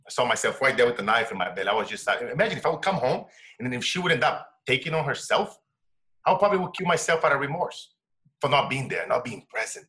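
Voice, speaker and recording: A middle-aged man sharing a personal story as an interview guest, emotional and dropping to a hush for quoted words. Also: medium pitch, lively intonation, quick pace. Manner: emotional, drops to a hushed voice when quoting his wife.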